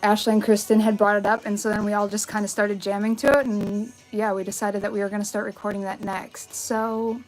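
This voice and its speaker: A woman's voice: mid-range voice, level tone, brisk, few pauses, poor audio. A young woman chatting casually through a live-stream Q&A, upbeat, with many likes and ums, on a phone held at arm's length in her bedroom. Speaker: vintage fashion YouTuber. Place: bedroom with vanity. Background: faint music.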